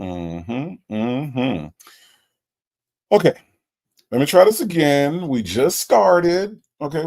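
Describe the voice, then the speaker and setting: A man's voice: mid-range voice, creaky, darkish tone, husky. A man hosting a show, casually reading viewer comments and reacting with laid-back exasperation. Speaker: host reviewing a recorded call.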